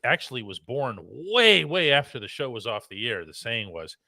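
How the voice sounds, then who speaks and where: A man's voice: mid-range voice, very animated, normal speed, vocal fry, sharp tone, no echo, clean studio sound. A man co-hosting a casual sports talk show, chatty and explaining things at length. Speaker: co-host, sports columnist.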